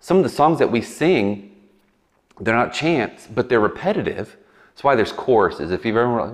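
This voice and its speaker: A man preaching a casual sermon in a conversational way, acting out quick voices and animated asides. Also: mid-range voice. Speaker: pastor. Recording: long hall reverb.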